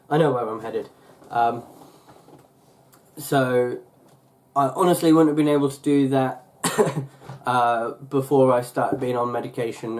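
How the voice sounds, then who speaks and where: Young male vlogger, mid-pitch, chatty and meandering, lots of fillers and self-corrections. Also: a little mellow. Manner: rambling, full of fillers and restarts. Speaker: YouTuber. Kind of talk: casual vlog chat.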